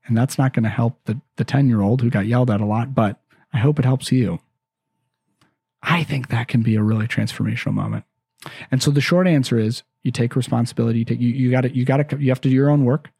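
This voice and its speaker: A man's voice: mid-range voice, quick pace, gravelly, warm tone, husky, no room sound. A man hosting a parenting podcast, giving earnest advice in a casual, conversational way and often restarting his phrases. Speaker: parenting podcast host and counselor.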